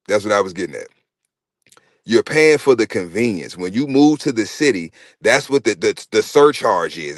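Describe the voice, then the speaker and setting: A man's voice: on the low side, no room sound, clean studio sound. Profane ranting man. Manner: animated, profane, repeats himself and stumbles on words. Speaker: podcast host. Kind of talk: casual profane rant. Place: podcast studio.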